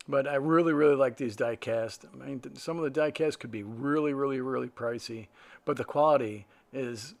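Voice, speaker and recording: Rambling man with a gravelly voice. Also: medium pitch. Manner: rambling, full of fillers and restarts. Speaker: aviation vlogger. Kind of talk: casual voice-over narration.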